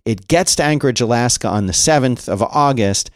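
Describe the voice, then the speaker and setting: A man's voice: medium pitch, expressive, a little fast, no echo, studio quality. A man co-hosting a podcast, telling a long story in casual chat with plenty of fillers and restarts. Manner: rambling storyteller with many fillers. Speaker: podcast co-host.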